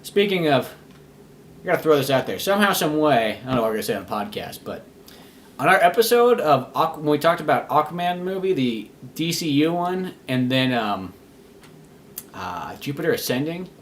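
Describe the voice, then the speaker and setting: A young man co-hosting a podcast in casual comedic chat, talking fast and swearing freely. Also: fairly high pitch, sing-song, a little hiss or hum. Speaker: podcast co-host.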